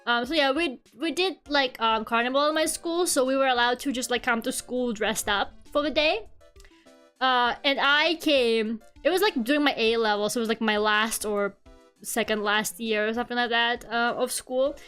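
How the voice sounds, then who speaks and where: A woman's voice: a little high, normal speed, fairly bright tone, smooth, faint music behind. A young woman streaming from home, chatting casually with her viewers and laughing at herself often. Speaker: VTuber streamer.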